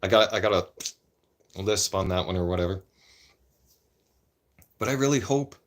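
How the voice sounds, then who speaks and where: Rambling man ranting. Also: medium pitch. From Canada. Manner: rambling, opinionated, repeats himself, frequent "right?". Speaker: vlogger. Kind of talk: casual political rant.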